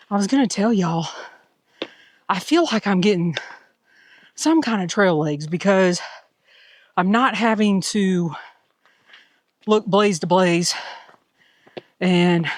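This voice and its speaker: A woman's voice: lowish voice, dry recording, studio quality. A woman hiker vlogging from the trail outdoors, talking in an enthusiastic, folksy way to her viewers. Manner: enthusiastic, folksy, repeats "fantastic"; chatty, addresses viewers as y'all. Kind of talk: casual trail vlog to camera.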